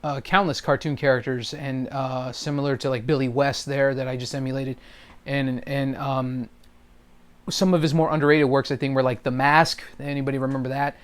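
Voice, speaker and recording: A hobby voice actor talks casually in a vlog about voice acting and impressions, rambling with lots of fillers and trailing phrases. His medium-pitched voice stays fairly flat and moves at a normal speed.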